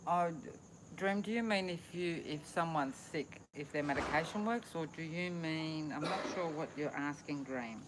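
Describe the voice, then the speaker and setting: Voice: medium pitch, moderate pace, background noise. A co-host in casual chat, reading out viewer questions with a chatty, giggly manner.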